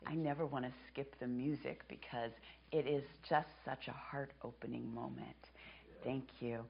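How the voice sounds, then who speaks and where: A woman in her fifties giving a sermon as a guest preacher in a church, speaking softly and reflectively and dropping to a whisper on key phrases. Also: a bass voice, level tone, moderate pace, creaky. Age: 50s. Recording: dull lo-fi sermon recording.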